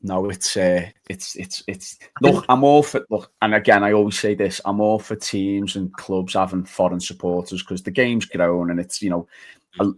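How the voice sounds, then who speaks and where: A man's voice: deep voice, fairly even intonation, moderate pace. A young man ranting in casual chat as a podcast panelist. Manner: exasperated, ranting.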